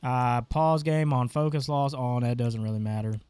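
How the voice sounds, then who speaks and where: Man, gaming tutorial host, casual and offhand, stuffy nose, smooth clear voice, dry close sound. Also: medium pitch, moderate pace, a little mellow, no room sound. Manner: offhand, talks while clicking through settings. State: stuffy, congested. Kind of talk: casual screen-recorded tutorial.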